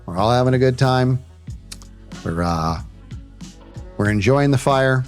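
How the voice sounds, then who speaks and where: A man telling a story on a livestream in a casual, animated way, often saying "dude" and acting out what people said. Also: mid-range voice, unhurried, faint music behind. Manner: animated, says "dude" and "bro" often, acts out quotes.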